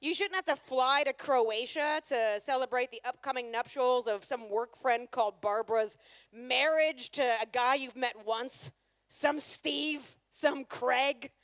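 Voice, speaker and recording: A woman's voice: high-pitched, measured pace, fairly bright tone, no room sound. A woman performing a live stand-up comedy set on stage, chatty and sarcastic, teasing the crowd.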